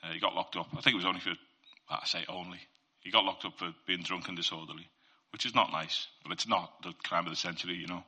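A man's voice: sits low, steady tone, fast, few pauses, sharp tone, slightly rough. A man giving an informal Christian faith talk. He speaks earnestly and conversationally, sharing testimony and addressing listeners directly.

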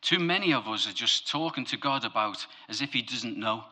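A man preaching a lively, humorous sermon, his voice climbing to emphatic high peaks and dropping low for asides. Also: fairly quick.

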